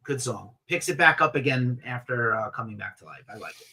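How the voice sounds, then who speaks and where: A man co-hosting a casual album-review show with a husky voice, speaking in a dry manner and keeping the show moving. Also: medium pitch, expressive, brisk, sharp tone. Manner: dry, corrective, steers the show. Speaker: podcast co-host.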